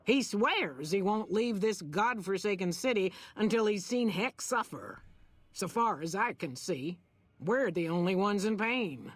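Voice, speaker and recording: A patient, resigned rancher's wife, measured and plain. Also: female voice, mid-range voice, animated, husky, dry recording. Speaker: game character.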